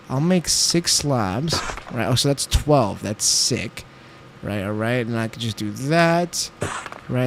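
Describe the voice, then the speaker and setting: A man's voice: mid-range voice, a little hiss or hum. A young man streaming a game, chatting casually and talking back to his chat while he builds. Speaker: livestreamer.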